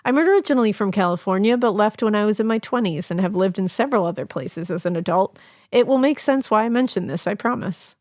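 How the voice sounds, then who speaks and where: A woman's voice: mid-range voice, lively intonation, fast, darkish tone, no echo, clean studio sound. A woman co-hosting a podcast, reading a listener's ghost story aloud with laughing asides and casual swearing.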